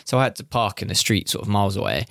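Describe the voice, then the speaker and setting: A man hosts a casual newsroom podcast, firing off quick, joking banter. His low voice has a gravelly edge, and the studio sound is dry and close. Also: sing-song, fairly bright tone, no room sound. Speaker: podcast host.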